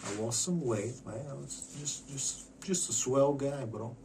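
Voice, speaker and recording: A man rambles through a casual vlog monologue, swearing freely and stumbling over restarts. His voice sits in an ordinary middle pitch. Faint noise hums behind him. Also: unhurried, darkish tone. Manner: rambling, profane, stammering restarts.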